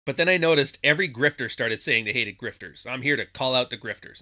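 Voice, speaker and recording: Sarcastic podcast guy, swears a lot, super bright cutting voice that jumps all over. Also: medium pitch, lively intonation, fast talker. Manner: profane and sarcastic, mimics others mockingly. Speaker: podcast host. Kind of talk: casual monologue.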